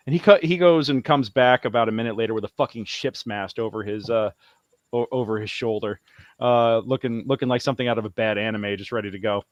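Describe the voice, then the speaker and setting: A man's voice: on the low side, fairly quick, no echo, dull audio. A man running a tabletop game in a casual, easygoing way with plenty of filler words. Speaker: game master.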